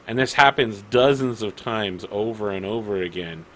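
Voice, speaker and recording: A man narrating a tabletop game as game master in a dramatic, deliberate way. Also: lowish voice, fairly bright tone, a little hiss or hum, rough recording.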